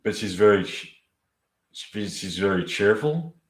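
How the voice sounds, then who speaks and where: A man reading his own comedy script aloud at home, halting and thinking aloud between lines. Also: lowish voice, animated. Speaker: amateur writer performing his own script. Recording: echoey room.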